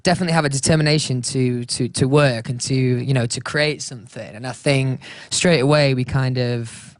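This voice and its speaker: A man's voice: mid-range voice, steady tone, moderate pace, dry recording. A British man chatting as a guest in a radio studio, easygoing and hesitant, often restarting his sentences. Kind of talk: casual interview chat.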